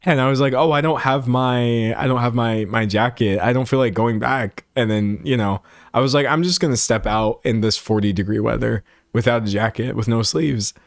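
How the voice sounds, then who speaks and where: In a home room with a set backdrop, a young Texan streamer talks casually through viewer comments at a moderate pace. His mid-range voice has a dry, close sound, and he's animated, reading quoted comments in exaggerated mock-dramatic voices.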